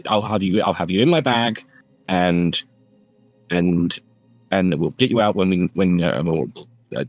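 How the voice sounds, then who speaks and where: Halting, lively-voiced man playing a character. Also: fairly low pitch, dry recording. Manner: rambling, halting restarts. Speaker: player. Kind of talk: casual tabletop role-play.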